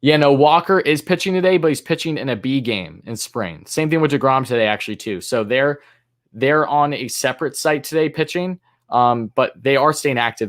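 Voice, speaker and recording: The voice is a man's, medium-pitched and a little bright, hosting a fan livestream. He calls the plays the way an announcer would, and in the gaps he responds to chat in a casual, hesitant manner.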